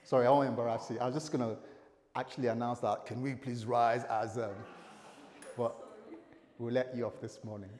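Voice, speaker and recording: Chatty, animated man preaching in a hall. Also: medium pitch, fairly quick, pauses often. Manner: animated and chatty, with acted quotes and light humor. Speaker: pastor. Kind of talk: conversational sermon. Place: church service.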